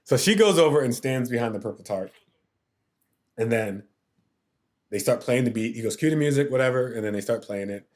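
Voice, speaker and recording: A man's voice: mid-range voice, expressive, normal speed, pauses often. A TV producer on a podcast as a guest, telling a story animatedly, acting out the quotes and laughing as he goes.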